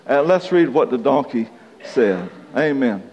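A man's voice: medium pitch, lively intonation, unhurried, darkish tone, a faint crowd. Folksy male preacher, chuckles at his own anecdotes; dull recording in a big echoing hall. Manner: folksy, self-deprecating, chuckles through anecdotes. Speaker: pastor. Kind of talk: sermon with personal storytelling.

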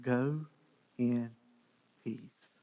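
A man's voice: medium pitch, fairly even intonation, mellow, low-quality recording. A man doing a firm, insistent male teacher. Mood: gentle. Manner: insistent, drawn-out emphasis.

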